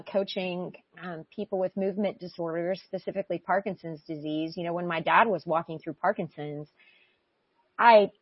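A woman co-hosting a faith talk show, speaking thoughtfully and pausing often with ums as she reflects. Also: lowish voice, no echo. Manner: thoughtful, searching, with frequent ums and restarts. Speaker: podcast co-host. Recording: slightly muffled dry audio.

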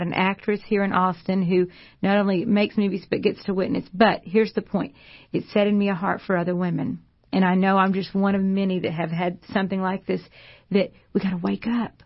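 A woman's voice: mid-range voice, dull audio. A woman, a pastor's wife giving a fervent, preacherly testimony on a Christian talk show. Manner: fervent, preacherly, repeats phrases.

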